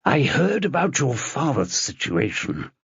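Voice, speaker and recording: A man's voice: medium pitch, big pitch swings, a little slow, vocal fry, fairly bright tone, husky, no echo, highs cut off, voice pushed up, exaggerated voice. A man voicing an oily, fawning older male judge who talks in a wheedling, ingratiating way.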